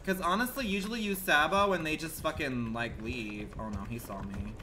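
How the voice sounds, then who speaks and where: A man livestreaming a game in campy, slangy commentary that swings between loud outbursts and low mutters. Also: moderate pace, background noise. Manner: campy and dramatic, full of slang. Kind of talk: live gameplay commentary. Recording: loud game music under the voice.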